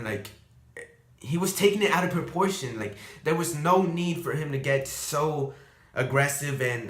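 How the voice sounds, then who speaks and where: A man's voice: medium pitch, fairly bright tone. A young man telling a story to the camera in a rambling, emotional way with many fillers. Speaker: vlogger. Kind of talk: casual storytime. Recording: echoey room.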